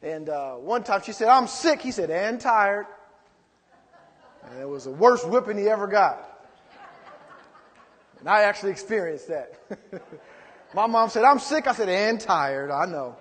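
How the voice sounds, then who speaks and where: High-voiced preaching man in a reverberant hall. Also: lively intonation, measured pace, pauses often. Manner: preaching with rising emphatic calls. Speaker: pastor. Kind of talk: sermon.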